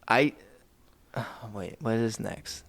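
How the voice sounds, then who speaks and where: A man's voice: on the low side, animated, extremely slow, creaky, fairly bright tone, no echo. A young man co-hosting a podcast in loose, laughing casual chat, tipsy and full of playful questions. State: intoxicated. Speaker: podcast co-host.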